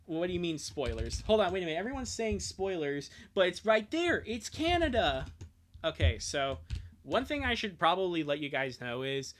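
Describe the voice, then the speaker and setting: A chatty European streamer rambling to viewers on a live stream, often laughing mid-sentence. The voice swings widely in pitch, rising and dipping as the talk wanders. It sits at a middle pitch, neither high nor low. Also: sing-song, normal speed. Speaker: streamer and fan dub reader. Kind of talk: live stream reaction and reading.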